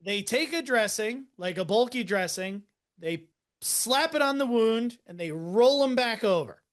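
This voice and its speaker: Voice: mid-range voice, lively intonation, unhurried. A podcast host narrating a medical case in a loose, chatty way, full of filler words. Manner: casual, many fillers, teasing. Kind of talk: casual case walkthrough.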